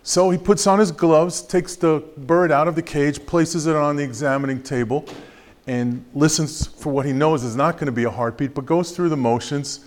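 A man addressing an audience, telling a joke in a casual, halting way with fillers. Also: on the high side. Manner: conversational, halting with fillers, acts out the characters. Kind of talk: storytelling a joke.

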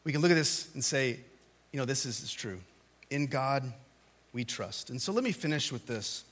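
A man preaching a sermon, talking to the congregation in a casual way, with loud, animated bursts of emphasis. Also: medium pitch, moderate pace. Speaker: pastor.

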